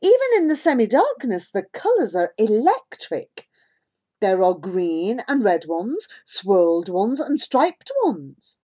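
Expressive woman reading an audiobook. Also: medium pitch. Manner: expressive, unhurried storytelling. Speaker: audiobook narrator.

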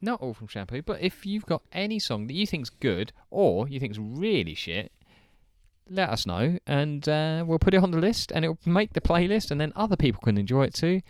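A man's voice: fairly high pitch, very animated, moderate pace, no echo. A man hosting a podcast, chatting in a rambling, friendly way and correcting himself as he goes. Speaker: podcast host. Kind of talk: casual podcast sign-off.

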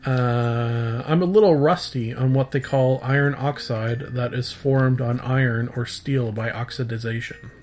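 A man tells quick one-liners with a flat, deadpan delivery, often starting with a hesitant "uh" and chuckling at his own puns. His voice sits at an ordinary middle pitch. Faint music plays under him. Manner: halting, many "uh" restarts, chuckles at own jokes. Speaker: podcast host doing standup.

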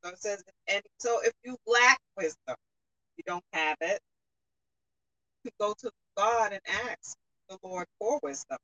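Bright voice explaining scripture. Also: mid-range voice, expressive, no echo, rough recording. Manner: halting, explains verse phrase by phrase.

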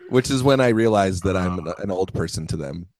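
Deep-voiced man chatting on a podcast. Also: expressive, normal speed, darkish tone, dry recording, poor audio. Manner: chatty, laughs often. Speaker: podcast co-host. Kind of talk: casual chat.

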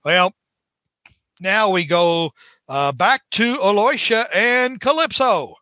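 A man hosts a comics podcast, his voice bright and slightly high, recorded dry and close. He gushes over the story and relishes acting out the villain's lines. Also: expressive, slow, no echo. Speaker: podcast host reviewing comics. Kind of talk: enthusiastic casual comic review chat.

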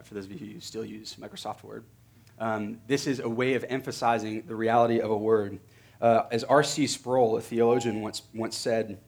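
A man delivers a sermon from the pulpit in a fairly low voice. He speaks earnestly and leans into repeated words for emphasis. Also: slightly rough. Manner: earnest, builds to emphatic repetition. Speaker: pastor.

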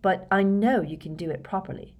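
A woman's voice: mid-range voice, fairly quick, darkish tone, natural voice. Woman voicing a teen boy leader. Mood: plain. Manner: direct, encouraging. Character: earnest teenage boy leading a group.

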